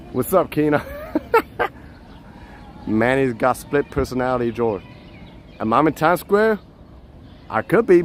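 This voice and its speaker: A man live-streaming as he walks a city street outdoors, chatting to viewers in a relaxed way and laughing often, on a handheld phone. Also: fairly high pitch, slight background noise. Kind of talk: walking live-stream chat.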